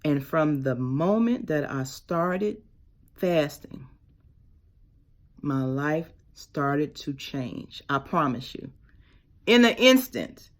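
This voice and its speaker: A woman with a tells her story straight to the camera in a personal vlog. Her voice sits on the low side. She drops to a hush, then rises to emphatic bursts. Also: takes it slowly, pauses often. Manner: expressive, swings from hushed to emphatic. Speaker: vlogger.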